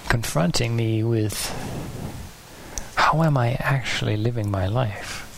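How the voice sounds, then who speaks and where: Male preacher, gravelly voice, earnest, asks searching questions, faint hiss behind. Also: mid-range voice, fairly bright tone, low-quality recording. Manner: earnest, loses his place and restarts, searching questions. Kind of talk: sermon.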